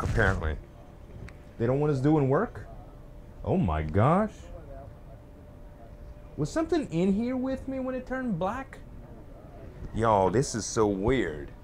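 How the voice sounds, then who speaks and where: A gaming YouTuber with a slightly high voice does casual let's play commentary of a VR game, chatting to viewers and the objects he handles amid nervous laughs. A faint hiss or hum runs under the recording.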